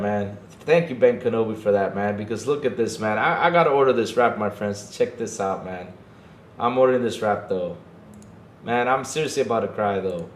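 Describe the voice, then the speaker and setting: A man hosting a casual livestream podcast, talking excitedly to his chat and repeating himself often. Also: fairly low pitch, roomy sound, slight background noise. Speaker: podcast host streaming to chat.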